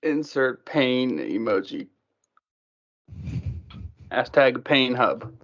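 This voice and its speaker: A man co-hosting a casual sports podcast drops short, dry and teasing remarks at a middling pitch. The sound is dull and a bit lo-fi. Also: expressive, very slow. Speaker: podcast co-host.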